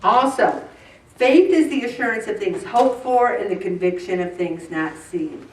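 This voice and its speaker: A woman's voice: mid-range voice, expressive, a little slow. A woman in her sixties giving a chatty, self-mocking faith talk to a group and asking them questions. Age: 60s. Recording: roomy, distant mic.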